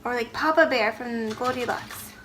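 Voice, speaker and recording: A homeschooling mother with a high, light voice, talking gently and warmly praising each small step. She speaks casually to her child and the camera at home. A steady hiss of noise sits clearly under the recording. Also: normal speed. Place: family home.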